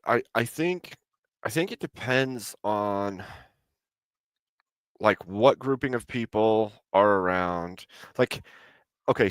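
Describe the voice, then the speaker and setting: A man from the United States with a lowish voice talks in a relaxed, rambling way, full of likes. He chats casually on a late-night stream. The sound is close and dry. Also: dry recording. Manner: laid-back, rambling, lots of likes. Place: home streaming setup.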